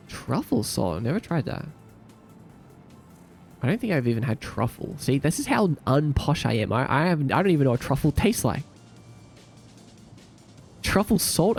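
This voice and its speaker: Gravelly Australian man streaming. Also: mid-range voice, darkish tone. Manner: laid-back, jokey, trying silly impressions. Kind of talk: casual live-stream chat reading comments.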